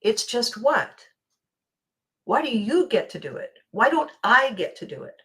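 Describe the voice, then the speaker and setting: A woman's voice: fairly high pitch, big pitch swings, a little slow, bright, forceful tone, pitched above the performer's own voice, heavily acted. A woman voicing a small child who wants to help and keeps asking why she can't. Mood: pleading. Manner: pleading, questioning.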